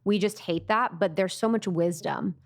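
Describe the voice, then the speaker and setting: A woman's voice: mid-range voice, normal speed. A woman podcast host, reflective and affirming as she talks through ideas in casual conversation.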